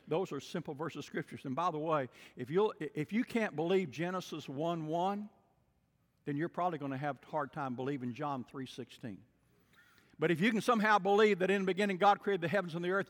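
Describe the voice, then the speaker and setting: A man preaching a sermon as pastor, telling stories and swinging between booming and hushed delivery. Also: big-room sound. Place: church sanctuary.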